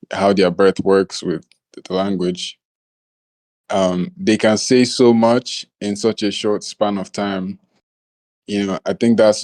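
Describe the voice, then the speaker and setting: Slow, low-voiced man musing hesitantly. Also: darkish tone, no echo. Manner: hesitant, searching for words. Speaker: book club participant. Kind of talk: reflective discussion.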